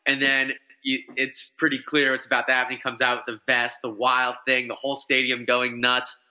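Bright-voiced excitable man chatting sports. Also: mid-range voice, normal speed. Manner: excited, rambling, many restarts. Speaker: podcast co-host. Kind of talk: casual sports chat.

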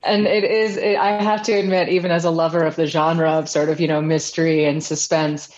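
Low-voiced woman audiobook narrator. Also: level tone, fairly quick, a little mellow, highs cut off. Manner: articulate, thoughtful, reflective. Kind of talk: podcast interview.

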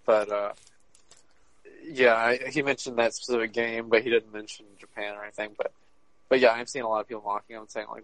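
Flat-voiced podcast man, hedging. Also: medium pitch, dry recording, poor audio. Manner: measured, hedging. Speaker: podcast co-host. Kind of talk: casual chat.

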